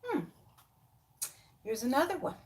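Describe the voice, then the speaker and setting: A woman's voice: high voice, very animated, a little slow, a little mellow. A woman in her forties giving casual commentary, exasperated and sarcastic, dropping into muttered asides. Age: 40s. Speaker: YouTube commentator.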